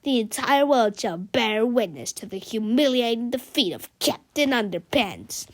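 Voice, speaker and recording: A woman's voice: on the high side, big pitch swings. Woman putting on a pompous bully boy. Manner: pompous, slow commanding proclamations. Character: boastful bully boy turned fake superhero.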